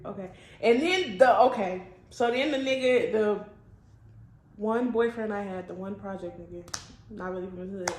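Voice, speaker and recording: A woman's voice: medium pitch, darkish tone. A young woman vlogger telling a casual storytime, blunt and profane, laughing often. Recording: echoey room.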